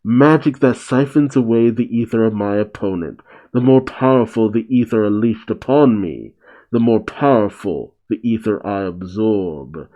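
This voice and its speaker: A man voicing a cold, calculating male android wizard from a comic, speaking in a measured way. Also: medium pitch, expressive, mellow, dull audio.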